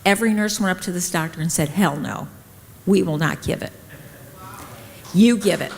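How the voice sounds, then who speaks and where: A woman's voice: fairly low pitch, normal speed, creaky, a little hiss or hum. Middle-aged woman telling a story in a reverberant hall. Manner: lively, acts out quoted dialogue. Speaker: nurse and conference speaker. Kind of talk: personal storytelling talk. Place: conference hall.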